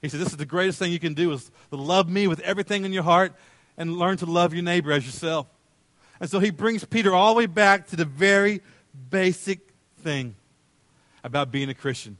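Male pastor, dramatic sermon delivery, acts out voices, slightly higher pitch. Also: fairly quick, no room sound. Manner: swings from loud calls to hushed tenderness.

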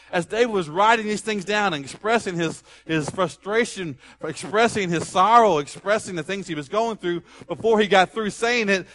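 A man's voice: sits high, a bit bright. A man preaching a sermon in a conversational, emphatic way. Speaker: pastor.

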